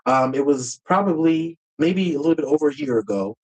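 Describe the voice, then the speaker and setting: A man's voice: fairly high pitch, lively intonation, brisk, darkish tone, rough recording. Earnest man telling a painful story. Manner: emotional, earnest storyteller, reenacts heated quotes. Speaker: podcast guest. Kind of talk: personal storytelling.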